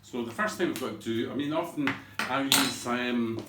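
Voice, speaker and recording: A man chats his way through a recipe with a cheeky, self-mocking, rambling patter. His voice sits mid-pitch and bounces off the hard surfaces of a home kitchen. Cutlery and pans clatter audibly behind him. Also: moderate pace, very noisy. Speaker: home cooking show host. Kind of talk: chatty cooking demonstration. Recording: echoey kitchen with clattering dishes.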